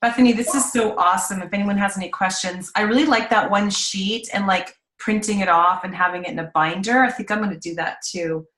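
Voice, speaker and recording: A woman's voice: mid-range voice, a little fast, hardly any pauses, a bit bright, roomy sound, poor audio. A woman hosting a casual live video chat, talking in a chatty, upbeat way with plenty of "like" and "you know.". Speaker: host.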